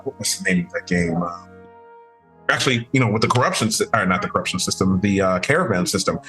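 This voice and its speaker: A low-voiced young man talks casually as a podcast guest, circling his points with frequent restarts and fillers. Faint music plays quietly under the talk. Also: quick pace. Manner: rambling, many restarts and fillers.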